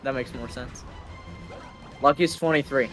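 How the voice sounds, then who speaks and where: A man's voice: mid-range voice, a little slow, a bit bright, soft background music. A man streaming a speedrun, chatting casually and teasing while he plays. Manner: joking, offhand, teasing. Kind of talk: casual chat while gaming.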